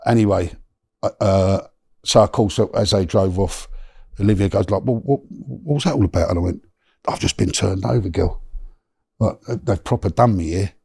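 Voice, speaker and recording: A low, gravelly man tells a story as a podcast guest. His voice is dark and husky, and the sound is dry and close. He is animated and slangy, swears, and restarts often. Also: moderate pace, long pauses, no echo.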